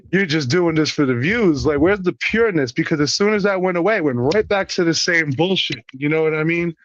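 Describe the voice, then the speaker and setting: Brief: man from Puerto Rico, wrestler guest, animated and profane storyteller, somewhat high voice, dull dry lo-fi audio. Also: no room sound. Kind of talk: casual interview chat.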